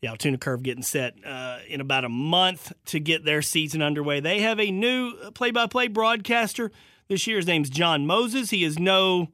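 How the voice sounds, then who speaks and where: Bright, chatty sports radio host man. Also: a little high, animated, fairly quick, no echo, clean studio sound. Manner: chatty, self-deprecating, restarts a lot. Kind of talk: casual radio sports talk.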